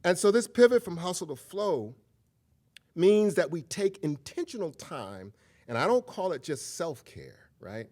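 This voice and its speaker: A man's voice: high voice, sing-song, a little slow, a little mellow. A middle-aged man giving a public lecture, telling personal stories in a candid, conversational way. He often checks in with the audience and slips into a humorous, preacher-like rhythm. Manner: humorous, preacher-like cadence at times. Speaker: guest lecturer.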